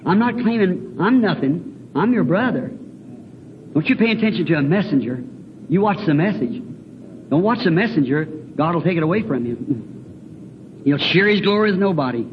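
A man's voice: sits high, lively intonation, normal speed, muffled recording, a little hiss or hum. A man preaching a fervent sermon in a church, telling personal stories in a folksy, rambling way with emphatic exclamations. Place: church building.

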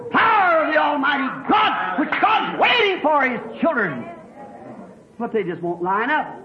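A man preaching a fervent revival sermon, swinging from hushed asides to shouted exclamations. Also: very high voice. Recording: echoey, muffled old sermon recording.

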